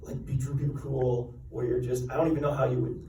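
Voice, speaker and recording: A man's voice: medium pitch, flat delivery, fairly quick, warm tone, a little hiss or hum. A man moderating a convention panel, asking long, enthusiastic questions. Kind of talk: interview questions. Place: large convention hall. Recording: echoey hall, taped from far off.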